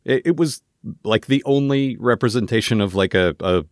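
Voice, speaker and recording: A man co-hosting a podcast, talking casually with rambling, lively asides. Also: medium pitch, normal speed, dry recording, clean studio sound. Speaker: podcast co-host. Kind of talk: casual chat.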